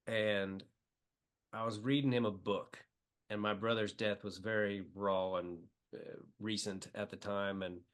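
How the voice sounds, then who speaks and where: This middle-aged Midwestern comedian, guesting on a podcast in a casual interview chat, has a fairly low, fairly bright and clean voice. He tells emotional stories full of fillers.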